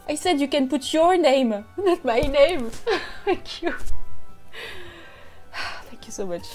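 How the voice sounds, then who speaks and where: A French woman with a French accent chatting excitedly to herself during a casual live stream, slipping between English and French. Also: high-pitched, slow, faint music behind. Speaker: costume maker streaming live. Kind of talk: casual live-stream chat while unboxing.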